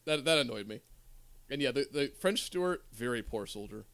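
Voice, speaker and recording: A man co-hosting a casual podcast, opinionated and rambling with many halting restarts. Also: medium pitch, animated, fairly bright tone, smooth. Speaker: podcast co-host. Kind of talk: casual chat.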